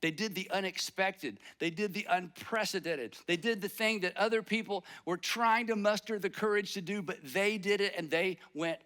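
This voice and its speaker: Bright, higher-voiced man preaching. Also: normal speed, hardly any pauses. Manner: conversational preaching with acted-out inner dialogue. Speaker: pastor. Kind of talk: sermon.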